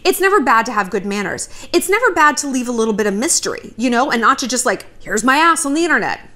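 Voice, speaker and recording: A woman in her thirties talks straight to her viewers with frank, chatty dating advice. Her voice sits a little high and swoops all over with lively, animated inflection. She swears freely and drifts into storytelling asides. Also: fast. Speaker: commentary vlogger giving dating advice. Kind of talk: casual direct-to-camera advice talk. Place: home near a river, outside noise.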